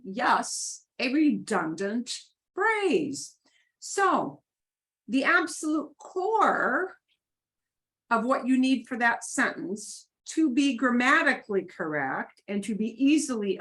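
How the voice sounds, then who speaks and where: Woman Spanish teacher, unhurried and patient, explaining grammar with lots of pitch movement. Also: fairly bright tone. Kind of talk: online class teaching.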